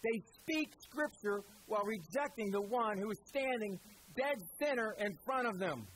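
A man preaching a sermon, pausing for effect and repeating phrases for emphasis. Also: sits high, expressive, fairly bright tone, a little hiss or hum, poor audio.

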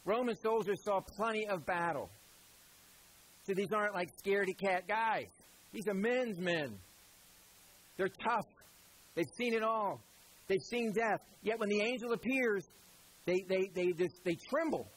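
Husky-voiced man preaching a sermon. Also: sits high, low-quality recording. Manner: conversational storytelling, addresses listeners as "guys".

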